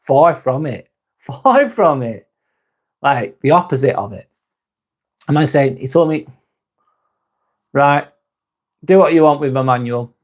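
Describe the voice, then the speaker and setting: Calm, relaxed British man chatting live. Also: medium pitch, measured pace, long pauses. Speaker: live-stream host reading viewer comments. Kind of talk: casual live-stream chat.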